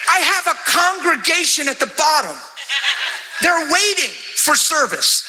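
A male pastor telling a testimony in his sermon, animated and acting out each exchange. His voice is unusually high and very bright, with a lively swing in pitch. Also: unhurried, a little hiss or hum, poor audio. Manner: animated storyteller, acts out dialogue. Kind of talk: sermon storytelling.

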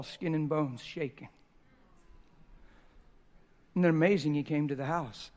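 A middle-aged man preaching a sermon in church, telling a story with emphasis and dropping from loud to hushed. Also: a little high. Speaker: pastor. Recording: long reverb in a church hall.

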